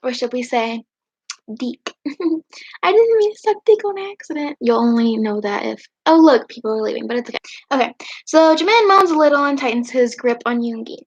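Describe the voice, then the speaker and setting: High-voiced woman reading fanfiction on stream. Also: lively intonation, normal speed. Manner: giggly, chatty asides and throat-clearing. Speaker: livestream host. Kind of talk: casual reading of fanfiction on a livestream. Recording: dull lo-fi stream audio.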